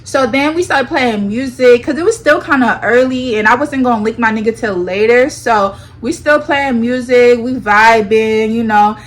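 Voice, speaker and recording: Animated, dramatic young woman storyteller. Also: fairly high pitch, moderate pace, few pauses. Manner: animated, dramatic, slang-heavy, addresses viewers as y'all. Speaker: storytime vlogger. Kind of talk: casual storytelling.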